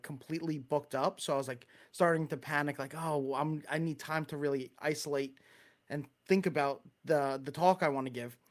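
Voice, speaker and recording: A man with a Long Island accent speaks to a small group in a loose, rambling way, stopping and restarting his sentences. His voice sits a little high for a man. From Long Island, New York. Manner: rambling, many fillers and restarts. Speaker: speaker at a church group meeting. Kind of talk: casual talk to a group.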